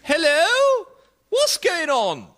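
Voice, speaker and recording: A shrill old Victorian queen, put on by a man in falsetto for a radio comedy sketch. The voice sits far above his own. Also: huge pitch swings, extremely slow, a bit bright, a little hiss or hum, full character voice. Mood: startled.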